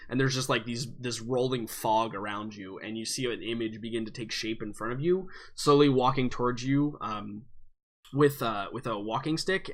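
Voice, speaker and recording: A man running a tabletop role-playing game, narrating in a halting, casual way with frequent fillers. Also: medium pitch, fairly bright tone. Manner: halting, many fillers and restarts. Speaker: game master.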